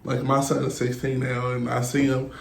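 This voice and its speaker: Gravelly-voiced man telling a blunt story. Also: mid-range voice, completely flat delivery, normal speed. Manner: blunt, profane storytelling, quoting others. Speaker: podcast guest. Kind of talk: casual podcast chat. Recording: echoey room with faint hiss.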